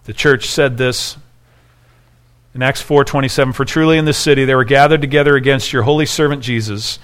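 A man's voice: mid-range voice, fairly even intonation, brisk, fairly bright tone. A man preaching an expository sermon, reading scripture aloud and explaining it, rising in intensity when he voices the people in the text. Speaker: pastor.

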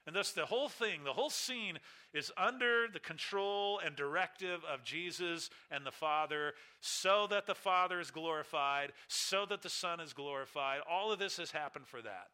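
Male preacher, bright and edgy tone, slightly high, emphatic delivery with big dynamic swings. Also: lively intonation, moderate pace, smooth. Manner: emphatic preaching with wide swings in pitch and volume. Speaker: pastor. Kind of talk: sermon.

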